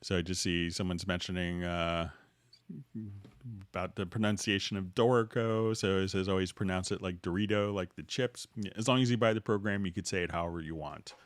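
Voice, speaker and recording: Halting, low-voiced man giving a software demo. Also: steady tone, dry recording. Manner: loose and halting, with frequent fillers and restarts. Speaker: livestream host demonstrating music software. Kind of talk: casual screen-share tutorial, answering viewer questions.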